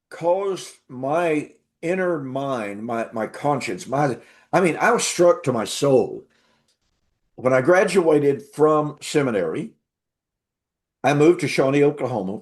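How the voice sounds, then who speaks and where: This is a man speaking as a guest in a conversational interview. His voice sits somewhat high for a man. He tells his story emphatically and repeats words to drive a point home. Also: darkish tone. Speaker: interview guest, Bible teacher.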